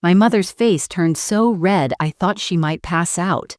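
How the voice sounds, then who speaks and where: A middle-aged woman narrating a first-person family story in a steady, dramatic storytelling manner. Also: on the low side, unhurried, no room sound, studio quality.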